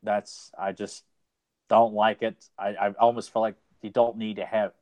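A man's voice: lowish voice, little pitch movement, moderate pace, darkish tone, no room sound. A man co-hosting a podcast, chatting casually and enthusiastically about an old cartoon in a rambling way. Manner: enthusiastic, rambling fan talk. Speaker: podcast co-host.

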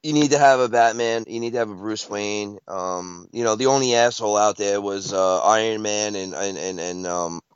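A man in a casual podcast chat who talks haltingly, with many fillers and repeats. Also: lowish voice, clean tone, no echo. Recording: dull, dry lo-fi sound.

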